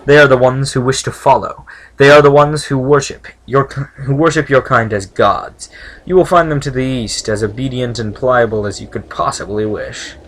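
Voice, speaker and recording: A man reading the lines of a proud, wary male village leader from a game in a measured, formal way. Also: mid-range voice, fairly bright tone, lightly acted. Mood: stern.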